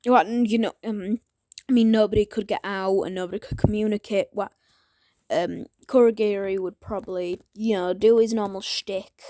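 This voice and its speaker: A woman's voice: mid-range voice, steady tone, normal speed, mellow, dry recording, studio quality. A woman talking through a fan theory in a casual, rambling monologue, breaking off mid-sentence and sometimes slipping into whispers. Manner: rambling, self-interrupting, drops into whispers. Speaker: fan theorizing about a crossover.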